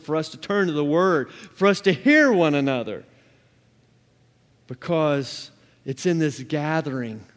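A man's voice: on the high side, big-room sound. A man preaching a sermon as a pastor, emphatic, with repeated refrains and scripture read aloud.

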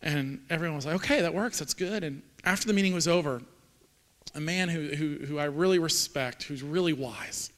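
A man's voice: on the high side, a bit bright. Earnest man preaching in a reverberant hall. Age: 40s. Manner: earnest, halting, repeats words when moved. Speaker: pastor. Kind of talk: sermon. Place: church sanctuary.

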